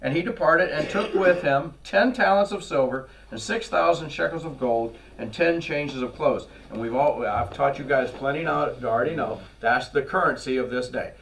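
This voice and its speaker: A man preaching a sermon in a church, telling scripture stories in a lively way and acting out the characters. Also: fairly high pitch, normal speed, hardly any pauses. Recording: voice from far off the mic.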